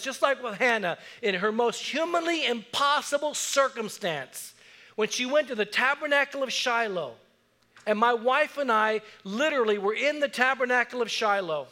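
Middle-aged male pastor, high bright voice, earnest sermon storyteller. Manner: earnest preacher, building to emphatic declarations.

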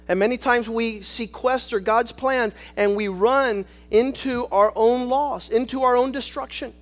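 Very high-voiced male preacher. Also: fairly even intonation, unhurried, few pauses. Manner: swings between shouting and hushed asides; rhetorical, calls for amen. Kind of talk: sermon.

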